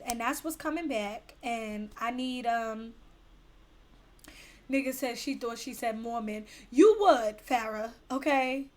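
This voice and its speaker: A woman hosting a casual livestream, reading viewer comments aloud in a brash, profane and teasing way. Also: high voice. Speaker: livestream host.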